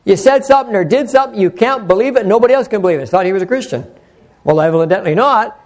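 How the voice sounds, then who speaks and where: A man's voice: high-pitched, expressive, fast, darkish tone. An older man preaching an earnest, conversational sermon, rambling with frequent restarts. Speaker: pastor.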